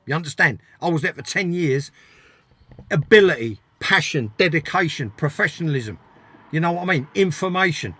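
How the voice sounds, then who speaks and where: A man's voice: a little high, lively intonation, moderate pace, a bit bright, husky. An older man, telling blunt, sweary stories as an interview guest and driving his points home by repeating them. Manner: blunt, emphatic, repeats himself. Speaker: interview guest, former footballer. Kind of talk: casual storytelling, swearing freely.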